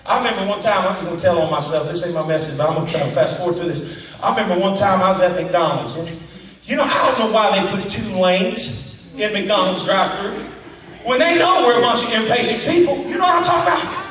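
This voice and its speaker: A man preaching a sermon as pastor, telling a self-deprecating story in a folksy way and shouting his exhortations. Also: high-pitched, fast. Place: church sanctuary. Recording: echoey sanctuary, voice from a distance, music behind.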